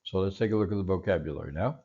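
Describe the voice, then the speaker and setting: A man teaching a recorded Hebrew vocabulary lesson, patiently repeating each word slowly. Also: low-pitched, mellow, husky, muffled recording.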